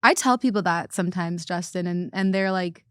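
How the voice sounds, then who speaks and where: A woman's voice: on the low side, moderate pace, fairly bright tone, clean tone, dry recording, clean studio sound. A woman co-hosting a podcast in casual chat, giggly and rambling as she tells stories. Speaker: guest co-host.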